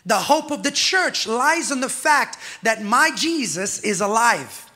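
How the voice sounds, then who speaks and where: A male pastor preaching a sermon with emphasis, swelling louder and dropping quiet by turns and calling out to his congregation. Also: very high voice, very animated, a little slow. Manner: calls out to the congregation.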